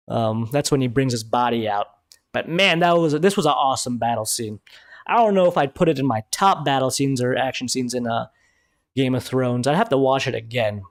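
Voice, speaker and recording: A man hosting a live review stream, talking excitedly in casual commentary and swearing freely. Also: mid-range voice, no echo, clean studio sound.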